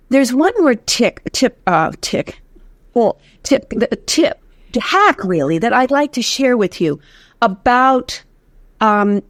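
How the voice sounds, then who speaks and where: A woman's voice: mid-range voice, no room sound. Dry-sounding American woman voice teacher. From United States. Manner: demonstrative, hums examples, laughs easily. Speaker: voice teacher, guest. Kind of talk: instructive interview talk.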